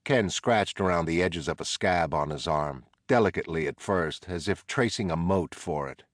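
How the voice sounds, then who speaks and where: A man reading a novel aloud in a measured, low-key narration. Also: no room sound, studio quality. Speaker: audiobook narrator. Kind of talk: scripted narration.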